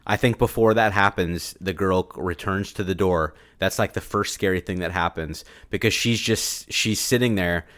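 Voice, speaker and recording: A man co-hosting a casual movie review podcast, excitable and quick to act out characters. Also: deep voice. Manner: excitable, animated quoting of characters. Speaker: podcast co-host.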